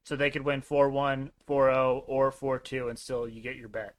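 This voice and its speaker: With a mid-range voice that barely moves in pitch, this man talks at a moderate pace. He co-hosts the podcast, chatting laid-back and hesitantly about hockey and placing bets.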